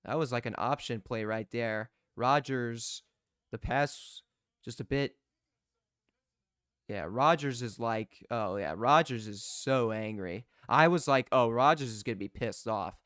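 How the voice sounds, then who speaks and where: A young man giving live play-by-play as a fan commentator, excitable and prone to restarting his sentences. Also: medium pitch, measured pace, clean tone, dry recording, clean studio sound. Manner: excitable, shouts in disbelief, repeats and restarts.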